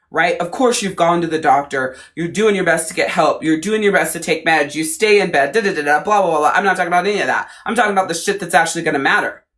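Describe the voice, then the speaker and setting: A woman's voice: low voice, fairly bright tone. A woman coach giving a blunt, profane, casual talk on a live video stream, speaking straight to her viewers.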